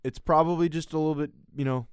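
A young man co-hosting a casual sports podcast, telling stories briskly with sarcastic asides. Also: a little high, steady tone, smooth, dry recording, studio quality. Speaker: podcast co-host.

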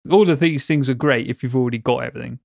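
A man's voice: mid-range voice, rapid-fire, vocal fry, a little mellow, dry recording, clean studio sound. Wry man bantering. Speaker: podcast co-host. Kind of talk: casual chat.

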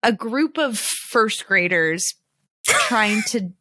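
A woman's voice: mid-range voice, expressive, very slow, sharp tone, dry recording. A woman co-hosting a podcast, chatting casually about a movie with many "like" fillers and playful mockery. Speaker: podcast co-host. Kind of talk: casual chat reviewing a movie.

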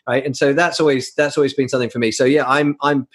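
A man's voice: mid-range voice, fairly even intonation, fast talker, husky. A man hosting an interview who responds enthusiastically and relates the guest's story to his own experience. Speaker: interviewer, host. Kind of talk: casual interview talk.

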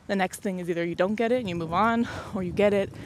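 Young adult, podcast host, casual story, frequent laughter, voices quoted people, middle pitch. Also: quick pace, a little hiss or hum. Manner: laughs often, acts out quoted dialogue.

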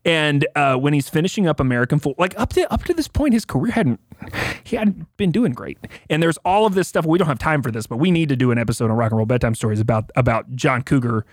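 This is a man chatting on a podcast, his pitch leaping around as he spins a music anecdote. He trips over his words and restarts often, and the sound is close and dry. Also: fast talker, dry recording. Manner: animated storyteller, fillers and restarts. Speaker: guest music expert. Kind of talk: casual podcast chat.

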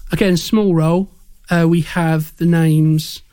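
A man's voice: on the high side, little pitch movement, takes it slowly, mellow, smooth, no echo, clean studio sound. A man co-hosting a casual film-discussion podcast, talking with frequent fillers and restarts. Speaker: podcast co-host.

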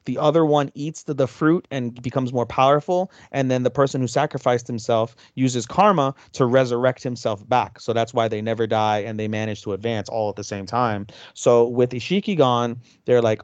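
A man's voice: mid-range voice, fairly even intonation, brisk, hardly any pauses, dry recording, muffled recording. A man co-hosting a podcast, casually retelling an episode and acting out the characters' lines as he goes. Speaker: podcast co-host.

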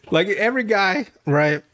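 A young man with a somewhat high voice rambles through a TV recap, swearing freely and laughing as he goes. He restarts sentences over and over, talking casually to a friend as podcast host. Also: bright, forceful tone. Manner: rambling, profane, laughs often, many restarts. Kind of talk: casual chat.

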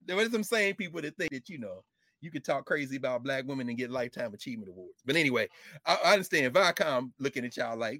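A middle-aged man, a professor talking politics in an impassioned, preachy way, with mocking quotes and bursts of shouting. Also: medium pitch, big pitch swings, fast, no room sound, clean studio sound. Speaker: professor and show co-host.

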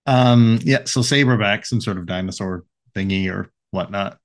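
A man's voice: on the low side, moderate pace. A man co-hosting a podcast in casual, playful, rambling chat with many fillers. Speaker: podcast co-host.

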